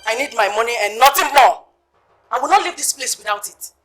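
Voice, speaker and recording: A woman's voice: on the high side, expressive, a little fast, a bit bright. A Nigerian actress playing a desperate married woman demanding back her life savings, pleading and insistent. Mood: angry demanding. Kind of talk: film drama acting. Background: film score music.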